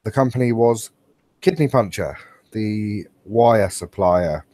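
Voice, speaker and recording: Warm, expressive and fairly low, this man's voice moves at a slow pace as he co-hosts a podcast from home on an online call. The chat is casual, with jokes, lots of laughter and rambling stories, and no echo.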